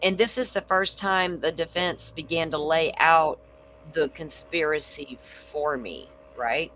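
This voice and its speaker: A woman hosting a casual true crime livestream, blunt and swearing freely as she thinks out loud. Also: low voice, unhurried, slight background noise, rough recording.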